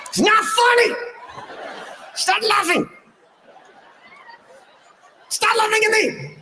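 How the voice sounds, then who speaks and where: A man doing an indignant skeleton puppet yelling in broken English. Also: very high-pitched, big pitch swings, slow, a crowd in the background, exaggerated voice. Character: grumpy male skeleton puppet, bossy and touchy. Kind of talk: ventriloquist comedy act. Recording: noisy replay of a stage show. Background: audience laughter.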